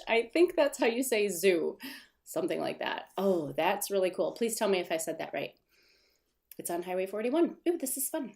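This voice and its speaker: A woman hosts a relaxed live stream from her desk at home, in a voice of ordinary pitch. She rambles from one thought to the next, greets viewers as she reads their comments, and laughs easily at her own mistakes. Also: moderate pace, creaky. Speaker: livestream host. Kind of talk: casual live-stream chat.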